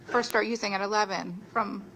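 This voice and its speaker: A woman attorney in a courtroom, questioning a prospective juror in a polite, measured way. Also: medium pitch, fairly even intonation, vocal fry, a bit bright, slight background noise, poor audio. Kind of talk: jury selection questioning.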